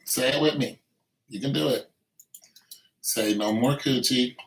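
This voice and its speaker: A man's voice: mid-range voice, unhurried, creaky, a little hiss or hum. A man in a blunt, preachy and joking casual rant, recorded in an echoey room with faint music behind. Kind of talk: casual rant with improvised singing.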